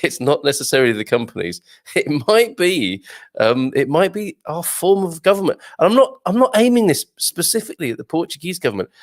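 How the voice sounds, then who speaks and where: A man's voice: a little high, very animated, brisk. A man from Birmingham, England, hosting a casual news chat for expats and reading out viewer comments with wry, exclamatory asides. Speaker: host of an expat news show.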